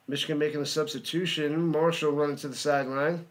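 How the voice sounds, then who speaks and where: A man hosting a live watch party, giving excitable play-by-play commentary and chatting with viewers. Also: a little high, quick pace. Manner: excitable, chatty, hums and sings to himself.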